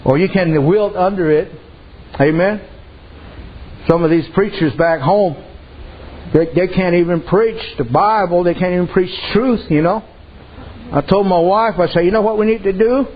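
Pausing often, a man with a high, somewhat breathy voice preaches at a normal pace. He tells his sermon in a homespun, dialect-rich way, returning again and again to "amen" and "I said." The sound is dull and lo-fi.

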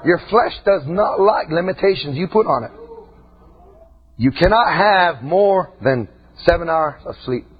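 A raspy-voiced preacher man delivers his sermon in a high, very animated voice that leaps into shouts and sinks into low asides. The recording sounds dull and lo-fi, with the top end muffled. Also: a little slow. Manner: impassioned, swings between shouting and low asides.

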